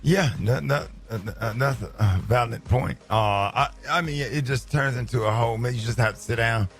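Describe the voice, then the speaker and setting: A man's voice: medium pitch, moderate pace, faint music behind. A man hosting a morning radio show, bantering and commenting casually. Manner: laughing, teasing, conversational.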